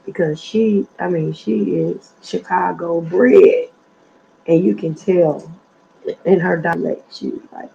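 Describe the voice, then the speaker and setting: A middle-aged woman with a heavy, slightly gravelly voice that sits on the lower side. She chats casually on a livestream from her apartment. She meanders between thoughts, filling the gaps with plenty of ums. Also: steady tone, slow, dark tone, dull audio, slight background noise. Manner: chatty and meandering, with many fillers and lost trains of thought. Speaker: livestream host. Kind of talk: casual rambling chat. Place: apartment at home.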